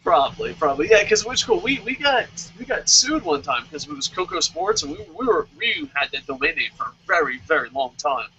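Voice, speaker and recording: Brief: bright, breathy male host, lively and profane, lo-fi audio. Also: fairly high pitch, brisk, hardly any pauses, a little hiss or hum. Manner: animated, swearing, jokey with sung sound effects. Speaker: podcast host. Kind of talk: casual chat. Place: lives in Japan.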